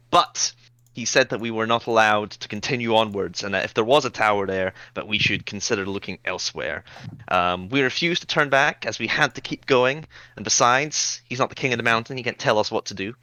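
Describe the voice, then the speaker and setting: A man's voice: lowish voice, lively intonation, a little fast, sharp tone, dry recording. A man giving a rambling, casual recap of the last session of a tabletop game, with many ums.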